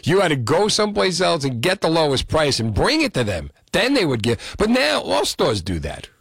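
Animated male radio call-in host. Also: a little high, moderate pace, gravelly, husky, no echo, clean studio sound. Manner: lively, animated, joking with callers.

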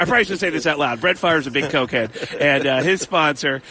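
A man, a comedian and voice actor, telling stories in an animated way as a guest in a casual interview. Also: on the high side, quick pace, hardly any pauses, a little hiss or hum. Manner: animated, laughing storyteller. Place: outdoor radio row at a big game.

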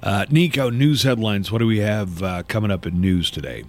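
A man from East Texas hosting a morning radio show, easygoing and chatty, with loose fillers between forecasts and segments. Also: lowish voice. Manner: easygoing, laughs often, drawn-out fillers. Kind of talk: casual morning radio chat.

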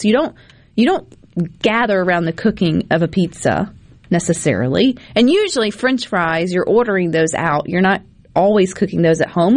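A woman's voice: fairly low pitch, no room sound. A woman from Mississippi, co-hosting a casual radio talk show in a chatty, folksy way. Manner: chatty, folksy, quick asides.

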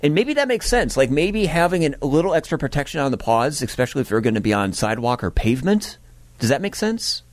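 A man's voice: on the high side, sing-song, fast talker, no room sound. A man hosting a morning radio show, chatting with the weather presenter in a playful, musing way. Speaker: radio host.

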